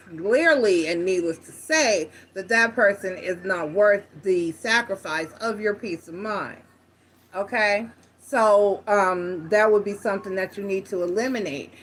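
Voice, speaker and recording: A woman's voice: mid-range voice, fairly bright tone, slightly rough. A woman giving a casual tarot reading, talking frankly and directly to her viewers, with slang and the odd swear. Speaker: tarot reader.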